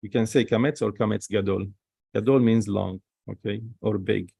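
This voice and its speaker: A man teaches a recorded Hebrew lesson in a slow, deliberate way, saying each letter and sound over again for the learner. His voice sits fairly low and has a gravelly edge. The sound is dry and close, with no room echo. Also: fairly even intonation, highs cut off.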